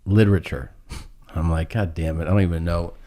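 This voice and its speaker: A middle-aged man telling a long, funny personal story on a podcast. He laughs through it and pauses often. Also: low-pitched, fairly even intonation, mellow. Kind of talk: casual storytelling chat.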